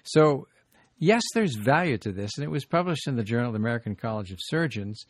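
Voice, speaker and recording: A man, a doctor, hosting a radio health talk show, explaining in a brisk way with asides. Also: medium pitch, big pitch swings, dry recording.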